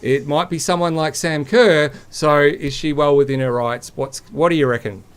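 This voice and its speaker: A man's voice: on the high side, normal speed, clear, resonant tone. A man co-hosting a podcast, teasing his co-host and chatting casually. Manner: teasing, chatty, says mate a lot. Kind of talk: casual banter.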